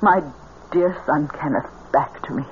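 A woman's voice: deep voice, measured pace, muffled recording. An actress playing a grieving, gullible mother who speaks in a tremulous, breathless, pleading way, in 1940s radio acting style, on a hissy old radio recording.

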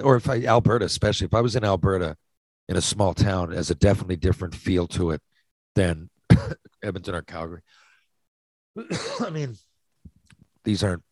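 A Newfoundland man in his 40s chats casually and answers listener questions, rambling with frequent restarts and blunt swearing. His voice is lowish, and there's no room sound.

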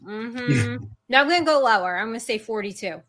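A woman's voice: on the high side, animated, brisk, a bit bright. A woman co-hosting a casual sports talk show, chatty and playful. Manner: chatty, playful, short reactions.

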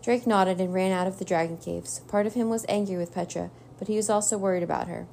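A woman reading a children's chapter book aloud in a steady storytelling way. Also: mid-range voice, fast, gravelly, a little hiss or hum. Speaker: narrator.

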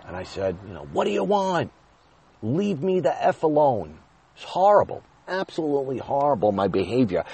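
Low, husky man telling a candid story. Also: warm tone. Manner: candid, confessional, rambling retelling. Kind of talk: personal storytelling monologue.

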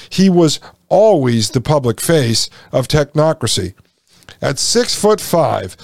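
Man, podcast host, folksy, sarcastic, reads and comments, higher-pitched voice, dry recording. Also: no room sound. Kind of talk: commentary reading and reacting to a text.

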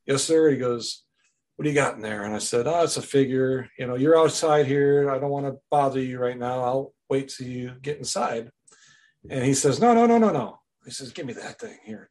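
A man in his forties chatting casually, giving short replies and telling an animated story. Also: mid-range voice. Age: 40s. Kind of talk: casual chat.

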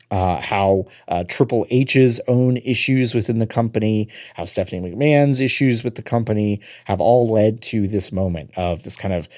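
A man's voice: fairly low pitch, darkish tone, no echo, studio quality. A man hosting a podcast, talking in a loose, meandering, conversational way. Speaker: podcast host. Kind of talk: casual podcast talk.

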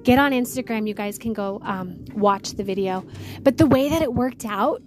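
A woman hosting a faith podcast, talking to listeners in an excited, gushing way and closing in prayer. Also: mid-range voice, normal speed, music in the background. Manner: excited, gushing, addresses listeners as "you guys". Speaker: podcast host.

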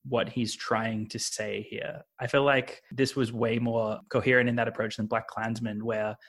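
A man's voice: medium pitch, flat delivery, normal speed, gravelly, fairly bright tone. A man discussing a film in casual conversation, thoughtful and hesitant, building his points with restarts. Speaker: film podcast panelist.

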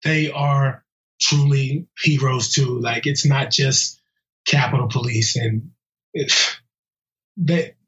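A police officer being interviewed in a casual way, talking bluntly and heatedly with slang and halting restarts. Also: male voice, medium pitch, steady tone, fairly bright tone. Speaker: police officer interviewed about a violent attack. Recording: muffled lo-fi audio.

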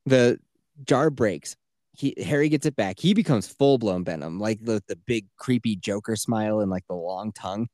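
A man's voice: fairly low pitch, normal speed, no echo, studio quality. A man co-hosting a casual podcast, swearing freely and retelling a video game plot with mocking quoted voices. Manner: profane, animated storytelling with mocking quoted voices. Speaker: podcast co-host. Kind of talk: casual chat.

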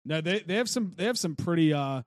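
Man, young, casual podcast banter, upbeat, higher voice, dry recording. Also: expressive, a little fast, no echo. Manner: easygoing, hype, swears casually. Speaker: podcast co-host. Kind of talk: casual chat.

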